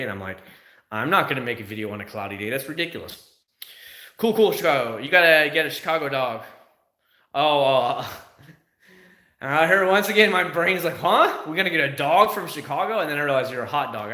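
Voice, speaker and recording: A man's voice: mid-range voice, sharp tone. Man, casual livestream host, rambling talk, roomy echo. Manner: rambling, answers chat comments.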